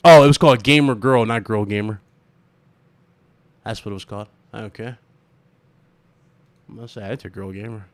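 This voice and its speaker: A man hosting a gaming livestream, ranting and laughing in animated, profane casual chat. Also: fairly low pitch, no echo.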